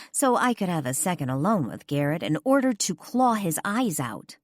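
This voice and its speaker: A woman narrating a first-person romance audiobook, expressive and dramatic. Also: no room sound, studio quality. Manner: expressive, dramatic, sweeps high for dialogue.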